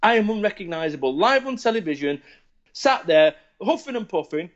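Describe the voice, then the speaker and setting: Man, forties, blunt and profane storyteller; higher voice, muffled audio. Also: fairly quick. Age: 40s. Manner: blunt, sweary, animated storytelling. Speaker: podcast guest. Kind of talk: casual chat.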